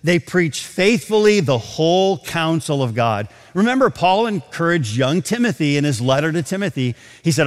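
A pastor preaching a sermon to a large auditorium, reading scripture with slow, emphatic stress and quick asides. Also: male voice, a little high, long reverb tail. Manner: expressive preaching with dramatic slowdowns and emphatic scripture quotes.

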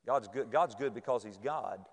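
A man's voice: mid-range voice, moderate pace, breathy edge. A middle-aged man from North Carolina, preaching a sermon full of folksy, humorous stories. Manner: folksy, lively storytelling. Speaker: pastor. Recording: echoey hall.

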